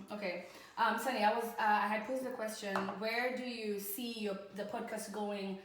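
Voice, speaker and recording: A woman co-hosting a casual podcast, speaking softly and attentively as she poses questions to her co-host. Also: medium pitch, fairly even intonation, normal speed. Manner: soft-spoken, attentive, frequent backchannels. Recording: very echoey room, faint noise.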